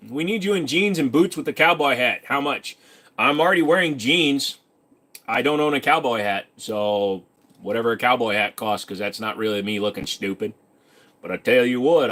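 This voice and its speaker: A man's voice: medium pitch, fairly bright tone. Rambling joking man on a live stream. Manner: rambling, joking, reads chat questions aloud. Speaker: live stream host reading chat. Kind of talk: casual live stream chat.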